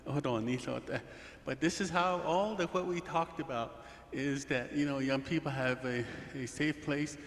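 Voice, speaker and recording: Halting male facilitator in an echoey hall. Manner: halting, many fillers and restarts. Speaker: forum facilitator. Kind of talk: facilitating a group discussion. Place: large hall. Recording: echoey hall with faint rumble.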